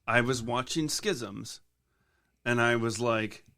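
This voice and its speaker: A man in the middle of his range, chatting on a casual podcast. He tells stories with dry asides and speaks at a steady, even pitch. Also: takes it slowly, dry recording. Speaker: podcast co-host. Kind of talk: casual chat.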